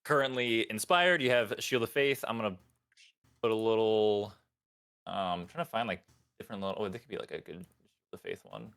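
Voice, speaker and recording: A man's voice: lowish voice, a little fast, a bit bright, clean tone. A man narrating as game master in a tabletop game, rambling with many fillers.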